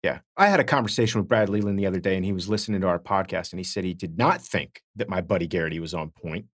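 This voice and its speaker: A man co-hosting a podcast, chatting casually about a TV episode and breaking into quick impressions. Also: deep voice. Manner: animated, jumps into quick impressions and laughs. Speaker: podcast co-host. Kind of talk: casual rewatch podcast chat.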